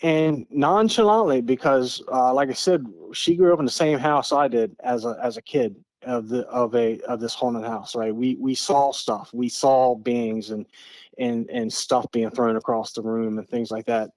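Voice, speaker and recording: His mid-range, darkish voice stays steady and measured as the middle-aged man from Eastern Maryland tells his story on a podcast, earnest and repetitive, with many restarted phrases. No room sound is audible.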